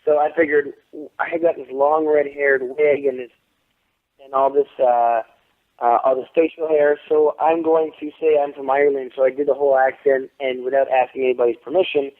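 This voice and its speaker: A man being interviewed as an actor, telling stories in a profane, animated way over the phone. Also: medium pitch, fairly quick. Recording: tinny phone line.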